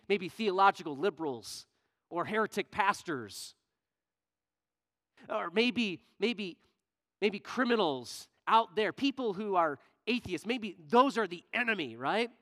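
A male pastor preaching a sermon in church, shifting from loud, emphatic questions to quiet, low asides. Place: church sanctuary.

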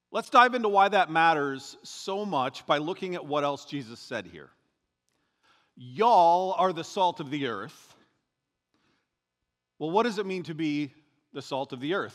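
A pastor delivers a sermon with a slightly higher voice and very lively, swinging pitch. He keeps it conversational, tossing in joking asides between his points. His voice rings out with a long reverb, as if he were in a church sanctuary.

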